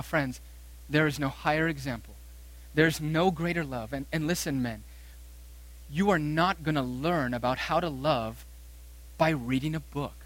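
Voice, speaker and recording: A man preaching a sermon from the pulpit, his voice sitting a little high for a man. He hammers points home by repeating phrases and slows right down on quoted verses. The sound is dry and close, with no room echo. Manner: emphatic preaching, rising to loud stresses and slowing on quoted verses. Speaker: pastor.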